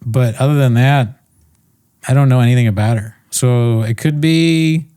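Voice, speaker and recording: A man's voice: mid-range voice, moderate pace, mellow, clear, resonant tone. A man co-hosting a casual comedy podcast, rambling and laughing between crude jokes. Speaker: podcast co-host.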